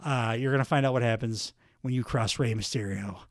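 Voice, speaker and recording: A man's voice: medium pitch, brisk, dry recording, studio quality, pitched below the performer's own voice, natural voice. A man voicing a proud wrestler issuing an earnest, stern warning. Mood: threatening. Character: impression of proud older male Latino wrestler.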